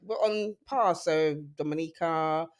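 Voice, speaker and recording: A woman co-hosting a show, chatting casually, frank and laid-back with soft chuckles. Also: sits low, unhurried. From part Jamaican heritage. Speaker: radio show co-host. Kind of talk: casual banter.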